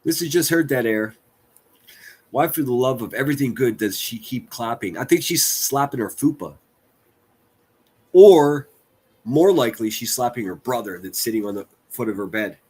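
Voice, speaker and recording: Medium in pitch, a little mellow and breathy, this man's voice moves at a moderate pace. As a livestream host, he reacts crudely and sarcastically, ridiculing what he plays.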